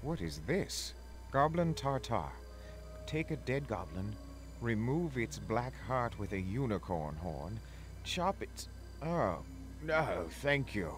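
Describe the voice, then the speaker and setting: A man's voice: mid-range voice, big pitch swings, slow pace, music in the background. A man voicing an earnest young male hero adventurer who talks in formal, slightly old-fashioned phrasing, as a video game character. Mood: curious.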